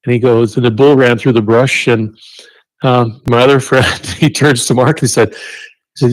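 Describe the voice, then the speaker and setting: A man's voice: medium pitch, fairly even intonation, moderate pace, no echo. A man with a mid-range voice joins a radio program as a guest. He chats casually and tells his stories in an easygoing way. The recording is dry and close. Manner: easygoing storyteller, chuckles at his own hunting tale. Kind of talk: casual radio chat, storytelling.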